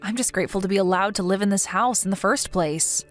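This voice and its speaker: A woman's voice: mid-range voice, quick pace, faint music behind, close to an everyday voice. A woman voicing a meek, apologetic young wife. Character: timid, self-loathing young wife. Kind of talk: text-message story reading.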